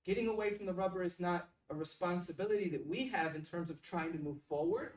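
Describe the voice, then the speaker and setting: A pitching coach explaining drills in an instructional way, stressing key words with emphasis. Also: fast, a little mellow. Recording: echoey room, mic at a distance.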